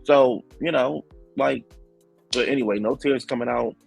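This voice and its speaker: A man giving casual, animated commentary as a reality show recap host, slangy, acting out the quotes. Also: medium pitch, normal speed, vocal fry, slightly rough, no room sound, soft background music.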